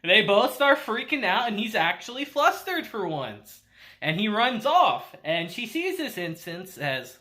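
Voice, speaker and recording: A man's voice: high-pitched, sing-song, a little slow, sharp tone. A man casually recapping and reviewing an anime episode, laughing often and swearing freely.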